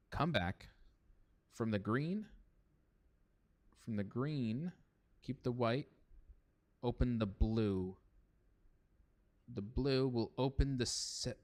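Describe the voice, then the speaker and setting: A young man streaming a horror game, chatting casually, swearing and answering his chat. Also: medium pitch. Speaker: gaming streamer. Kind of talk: casual let's-play commentary.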